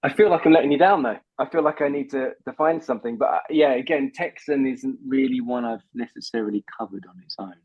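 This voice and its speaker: Brief: husky male voice coach, rapid talker, heard through a dull lo-fi mic. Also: mid-range voice. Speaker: guest voice coach. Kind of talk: casual podcast conversation.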